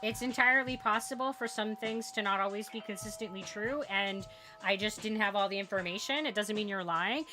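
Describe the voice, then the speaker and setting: A woman streamer chatting casually with her viewers, telling candid stories and acting out both sides of conversations. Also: on the high side. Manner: candid, animated storytelling with quoted voices. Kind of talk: casual chat.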